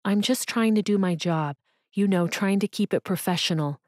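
Brief: woman narrator playing a guarded young office assistant, clipped and cool, slightly raised pitch, dry close sound. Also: moderate pace, a little mellow, no room sound, close to an everyday voice. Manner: clipped, coolly professional.

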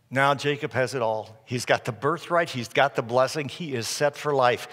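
A man's voice: normal speed, few pauses. Man preaching in a reverberant sanctuary. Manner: dramatic storyteller, drops soft and low at tense moments. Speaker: pastor. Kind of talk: sermon, storytelling. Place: church sanctuary. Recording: long reverb of a large hall.

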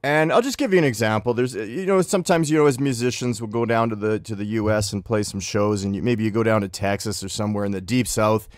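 A man's voice: fairly low pitch, fast, hardly any pauses, dry recording, studio quality. A man and musician delivering a comedic rant, sounding exasperated and breaking into chuckles between complaints. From Canada. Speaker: musician and regular ranter.

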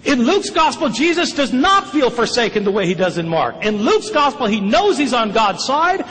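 A male lecturer with a high voice that swings widely as he presses his points. He speaks emphatically and asks question after question, sometimes rushing ahead. The sound rings with the long reverb of a large hall. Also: very animated, fairly bright tone. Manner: emphatic, questioning, fast bursts. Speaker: lecturer on the New Testament. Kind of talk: public lecture.

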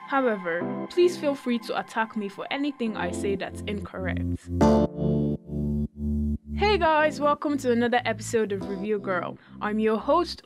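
A young woman hosting a student review segment, speaking candidly and plainly. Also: a little high. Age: young adult. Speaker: segment host, show reviewer. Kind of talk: scripted review.

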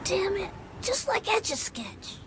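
Cartoon dub: a shrill, jumpy, panicky kid who swears a lot. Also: female voice, big pitch swings, unhurried, very noisy, exaggerated voice. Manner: frantic, yelling, swearing.

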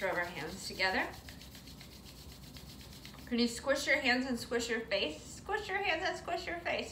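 A woman's voice: high-pitched, expressive, a little slow, pauses often, bright, forceful tone, a little hiss or hum. A woman leading a children's yoga class in a playful, sing-song, coaxing way, with animal sounds along the way. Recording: roomy sound from a distant mic.

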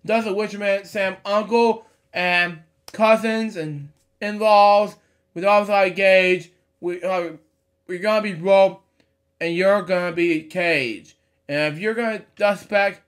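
A man's voice: high-pitched, fairly bright tone. A man reading a children's storybook aloud at home, stumbling over words and breaking off into blunt, irreverent asides. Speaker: storybook reader. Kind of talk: casual read-aloud with commentary. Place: home at night.

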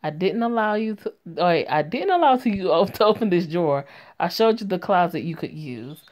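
A woman's voice: fairly low pitch, very animated, moderate pace, a little mellow. A woman reading the lines of an angry young man in a story game, accusing and indignant.

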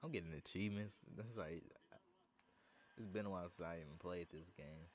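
A man commentating his own basketball video game, swinging from low muttering to excited shouting. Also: a little fast, slight background noise. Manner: hyped, shouting bursts between low muttering. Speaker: gaming streamer. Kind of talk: excited live commentary over gameplay.

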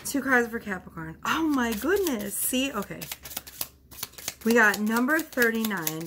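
Gravelly-voiced woman doing a casual tarot reading. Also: on the high side, very animated, slow pace, noisy background. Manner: chatty, laughs often, swears casually. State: out of breath. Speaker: tarot reader. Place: at home.

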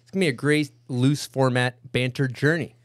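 Guy hosting a podcast, upbeat quick banter, dry close studio mic. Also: medium pitch, steady tone, no echo. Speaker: podcast host. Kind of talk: casual chat.

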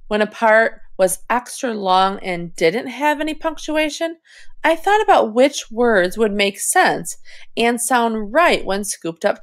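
A woman teaching young readers, thinking aloud as she models reading a story in phrases. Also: fairly high pitch. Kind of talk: reading lesson for children.

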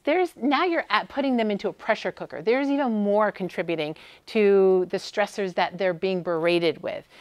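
A woman's voice: medium pitch, dry recording. A middle-aged American woman, a sports medicine doctor, giving a friendly, conversational conference talk with frequent "um"s. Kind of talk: conference lecture.

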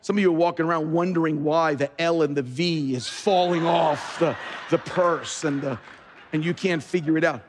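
A man's voice: fairly high pitch, fairly even intonation, normal speed. A man preaching a sermon as pastor in a large church, emphatic and often repeating words as he starts sentences. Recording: long reverb of a large hall.

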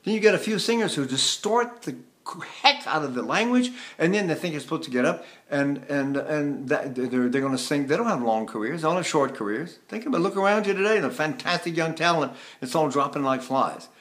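An older voice teacher from the United States talks through singing technique in a high, bright voice. He rambles and restarts, now and then breaking into sung vowels to show what he means. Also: expressive, a little fast. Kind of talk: vocal lesson with sung demonstrations.

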